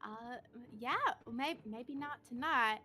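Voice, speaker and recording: A woman's voice: a little high, slow pace, sharp tone, faint music behind. A woman playing a tabletop game, talking to the game master in an eager, chatty way. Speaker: player. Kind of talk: casual tabletop chat.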